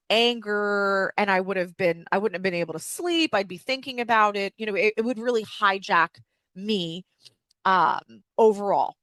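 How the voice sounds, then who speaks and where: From her home with dogs around, a woman hosts a personal-growth podcast, speaking candidly with lots of fillers and casual swearing. Her mid-range voice is a bit bright, and the recording is dry.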